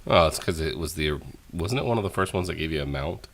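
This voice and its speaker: A man's voice: very deep voice, expressive, quick pace, a bit bright. A man co-hosting a gaming podcast, casually chatting and prompting the others with questions. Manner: prompts with questions and short agreements. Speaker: podcast co-host.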